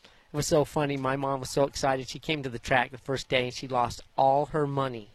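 A man, a former jockey, telling stories from his riding career in a folksy, animated way in an interview, acting out the voices of the people in them. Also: medium pitch, fairly quick, no echo. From Idaho. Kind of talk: interview storytelling.

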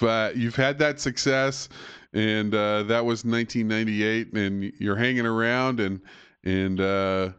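A man's voice: on the low side, smooth, no echo, lo-fi sound. A man hosting an interview, asking questions with fillers and laughing easily. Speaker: interview host. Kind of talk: interview conversation.

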